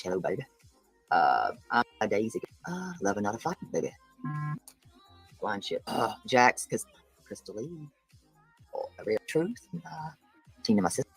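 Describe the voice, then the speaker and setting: A woman's voice: extremely low pitch, husky, rough recording. A woman hosting a casual livestream, greeting viewers by name and speaking bluntly and indignantly. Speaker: host of a livestream commentary show.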